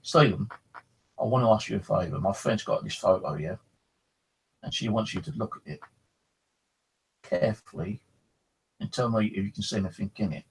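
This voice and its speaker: A man's voice: fairly low pitch, normal speed, long pauses, slightly rough, low-quality recording. A man briefly mimicking his skeptical adult sister in a raised voice. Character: skeptical adult sister, teasing then startled.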